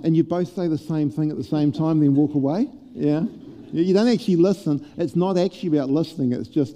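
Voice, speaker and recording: Gravelly New preacher, dark voice. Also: male voice, on the high side, fast talker, few pauses, long reverb tail. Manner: animated, humorous preaching that turns soft and prayerful. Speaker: pastor. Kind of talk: sermon. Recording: dull lo-fi church sermon recording.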